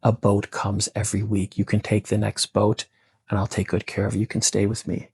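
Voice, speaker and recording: A man voicing a kindly holy old man who speaks in a soothing, reassuring way, with a gravelly, husky voice. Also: on the low side, monotone, brisk, a little mellow, no room sound.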